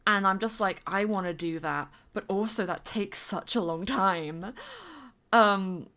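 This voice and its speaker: A woman's voice: on the low side, fairly bright tone. A woman streamer chatting casually while she builds in a game, rambling on with fillers and bits of humming.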